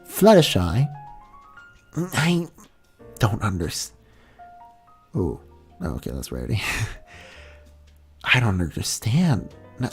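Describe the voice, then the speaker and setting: Slow, animated man reading fan fiction aloud. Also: sits low. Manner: casual, laughs at own mix-ups, swears. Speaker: streamer.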